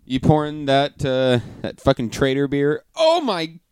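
A man's voice: mid-range voice, little pitch movement, normal speed, background noise. A man co-hosting a casual beer-tasting podcast, joking and laughing often while reading beer labels aloud. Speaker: podcast co-host.

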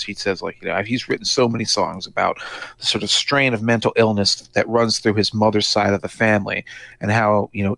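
A man's voice: on the low side, gravelly, dry recording. A man hosting a podcast, talking casually and animatedly about music, with lots of filler words. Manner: talkative, many "like" fillers, animated. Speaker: podcast host.

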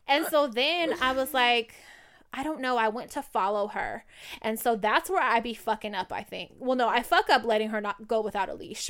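Animated, profane young woman storyteller. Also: a little high, moderate pace. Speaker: podcast co-host. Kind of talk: casual storytelling chat.

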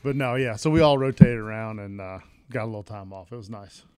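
A man's voice: on the low side, brisk, clear, resonant tone, dry recording. A man who works as a team equipment manager, chatting casually and easily as a guest. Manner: relaxed, chatty, with laughs. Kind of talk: casual interview chat.

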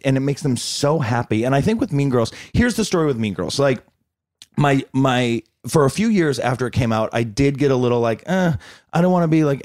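A man in his forties chatting on a close, dry mic. He tells stories with lots of energy and slips into playful voices for the people he quotes. His pitch sits right in the middle. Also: dry recording. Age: 40s. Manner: animated storyteller, acts out quotes in shifting voices. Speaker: actor guest. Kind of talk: casual interview chat.

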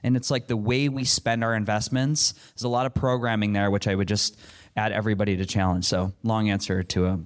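A man's voice: lowish voice, level tone, a little fast. A middle-aged man answering a panel question in an earnest, rambling way, with frequent restarts. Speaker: panel speaker.

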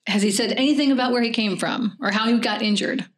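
A woman's voice: fairly high pitch, quick pace. A woman playing a tabletop game, speaking firmly and directly. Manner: firm, direct. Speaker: player. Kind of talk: tabletop role-play.

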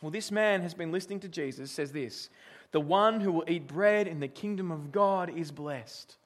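A middle-aged man with a high, light voice preaches to a congregation. His manner is chatty and anecdotal, and he stops now and then to put questions to his listeners. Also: moderate pace. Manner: conversational, storytelling, asks the congregation questions. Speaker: pastor. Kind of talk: sermon.

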